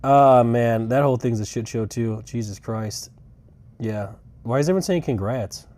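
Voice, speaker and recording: A man's voice: medium pitch, normal speed, a little mellow. Rambling, foul-mouthed young male streamer. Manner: rambling, swears freely, dry sarcastic asides. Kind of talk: casual live-stream chat. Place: inside a rental car on a road trip.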